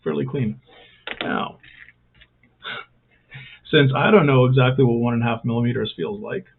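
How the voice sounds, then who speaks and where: A man hosts a casual step-by-step hobby tutorial, rambling along and tossing in self-mocking jokey asides. His medium-pitched voice moves at normal speed with vocal fry. The thin, phone-like audio has slight background noise.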